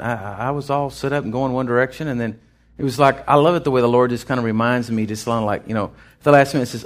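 A man's voice: medium pitch, fast. A man preaching an off-the-cuff sermon, acting out voices as he goes. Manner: animated, acts out voices in his storytelling. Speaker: pastor.

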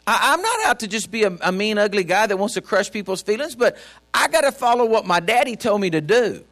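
A man's voice: sits high, expressive, fairly quick, a bit bright. A man preaching a sermon as a pastor, folksy and storytelling, speaking directly to his congregation. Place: church.

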